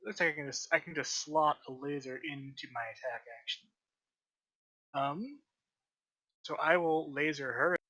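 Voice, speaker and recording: Male player, measured, thinks aloud, bright edgy tone, slightly high. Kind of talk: tabletop game play.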